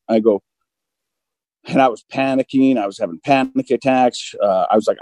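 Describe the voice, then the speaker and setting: A man in his forties, speaking as a guest, telling a personal story openly and candidly, acting out both sides of old conversations in quick back-and-forth. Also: lowish voice, warm tone, dry recording, low-quality recording. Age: 40s. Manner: open and self-deprecating, acts out both sides of dialogue. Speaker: guest recounting recovery.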